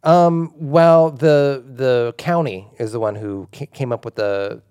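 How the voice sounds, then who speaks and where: A man in casual conversation, relaxed, giving short agreeing replies and pausing on fillers. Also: medium pitch, clean tone. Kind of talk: casual chat.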